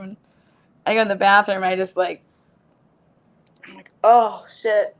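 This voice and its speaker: A woman telling a story in a casual, animated way, often laughing, using lots of fillers, and acting out other people's lines in a raised voice. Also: medium pitch, normal speed, pauses often. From United States. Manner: frequent fillers like "like" and "oh my God".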